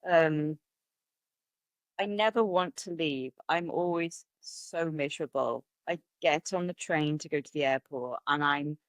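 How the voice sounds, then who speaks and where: A woman's voice: deep voice, unhurried, dry recording. A woman, a podcast guest talking candidly and chattily in a conversational interview, laughing easily. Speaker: podcast guest, martial artist.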